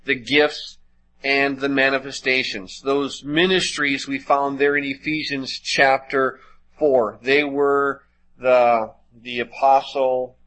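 A man's voice: medium pitch, level tone, slow pace, a bit bright, poor audio. Man preaching a teaching sermon. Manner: methodical teaching, reads scripture aloud.

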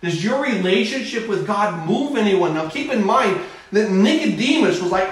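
High-voiced preacher in an echoey hall. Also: male voice, expressive, moderate pace. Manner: preaching with sudden swings in speed and volume. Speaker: pastor. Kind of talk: sermon. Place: church sanctuary. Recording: very echoey church hall from far off.

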